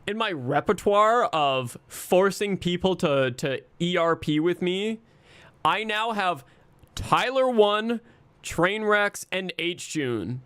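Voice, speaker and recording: A man's voice: fairly high pitch, a bit bright, smooth, no echo. A man streaming and chatting casually with his viewers, rambling and self-mocking, swearing often.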